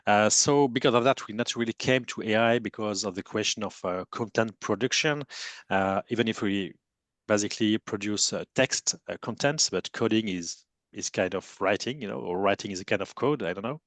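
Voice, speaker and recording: Hesitant French-accented man, low voice. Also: brisk, fairly bright tone, no room sound. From France. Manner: hesitant, many fillers and restarts, self-deprecating. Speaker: panelist, agency CEO. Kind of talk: webinar panel self-introduction.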